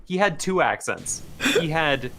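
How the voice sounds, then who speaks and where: A man's voice: on the high side, lively intonation, measured pace, a bit bright, slight background noise. A man co-streaming a game, making jokey asides in casual chat.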